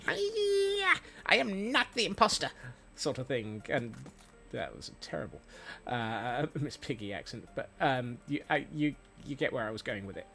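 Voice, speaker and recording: A man's voice: medium pitch, a bit bright. A man chatting casually while streaming a game, rambling and playful, with many fillers and restarts. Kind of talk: casual gameplay chat. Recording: faint music behind.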